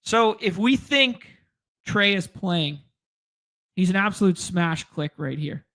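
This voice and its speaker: A man hosting a fantasy sports live stream in a loose, rambling way, tossing in jokes and shout-outs to chat. His voice sits a bit high and sounds bright and forceful. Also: animated, slow. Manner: rambling, jokey, reads chat aloud. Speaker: fantasy sports podcast host.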